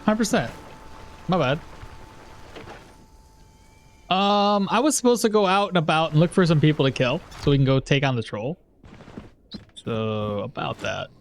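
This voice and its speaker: Man, game streamer, casual live commentary, rambling, profane, slightly high voice. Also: moderate pace, a little hiss or hum. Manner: rambling, chuckling, swears casually.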